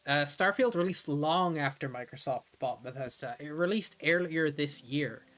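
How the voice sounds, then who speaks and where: A man's voice: on the high side, moderate pace, a bit bright. A man from Ireland streaming a game, chatting casually and rambling with lots of fillers. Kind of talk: casual gameplay commentary.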